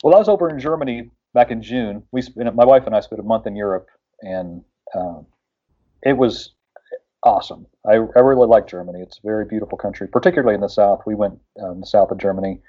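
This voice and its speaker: A man's voice: fairly low pitch, fast talker, breathy edge, lo-fi sound. A man from West Virginia chatting casually on a radio show, rambling with lots of fillers and restarts.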